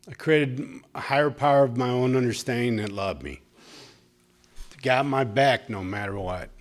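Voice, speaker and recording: A man's voice: medium pitch, fairly bright tone. A man speaking at a recovery meeting, sharing his story in a conversational, humorous way that turns tender. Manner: conversational, humorous, gets emotional. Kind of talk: personal recovery talk. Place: meeting room, live audience.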